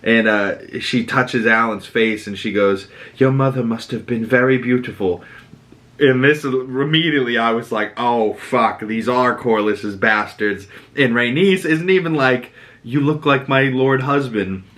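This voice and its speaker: A man with a Boston accent recapping a TV episode as a podcast host, animated and sweary, acting out characters' lines. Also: unhurried, few pauses. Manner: animated, quotes characters with dramatic pitch jumps and swearing. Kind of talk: casual recap monologue.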